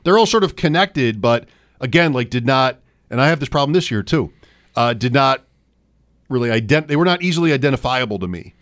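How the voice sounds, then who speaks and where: A man's voice: medium pitch, lively intonation, fairly quick, fairly bright tone. Man talking fantasy football, thinking aloud. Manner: thinks aloud, rattles off names. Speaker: co-host. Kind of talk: casual fantasy football chat.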